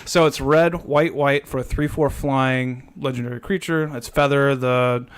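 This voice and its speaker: A man's voice: medium pitch, fairly even intonation, unhurried, smooth. A man co-hosting a podcast, casually walking through how a card game deck works with plenty of fillers. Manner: explains card rules step by step, with many fillers. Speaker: podcast co-host.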